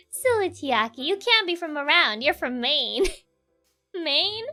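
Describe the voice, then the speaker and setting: A woman's voice: very high voice, takes it slowly, soft background music. A young woman streamer with a Spanish accent and Spanish as her first language, chatting casually and playfully with her viewers, laughing often. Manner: giggly, animated, playful. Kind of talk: casual chat, reading chat aloud.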